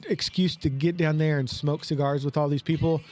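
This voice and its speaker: A man's voice: on the high side, steady tone, fairly quick, darkish tone. A man with an Oklahoma accent, co-hosting a podcast in casual, folksy chat and telling stories eagerly. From Tulsa, Oklahoma. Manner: chatty storyteller, eager and folksy. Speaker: podcast co-host.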